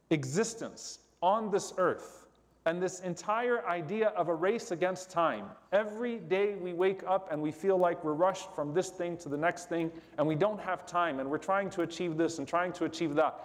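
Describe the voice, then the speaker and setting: A man delivers a sermon in a high-pitched voice, going over each line carefully and repeating it before he explains it. His voice carries a long reverb, as if from a large hall. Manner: explains slowly, repeating Arabic supplications then translating. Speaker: preacher giving a sermon.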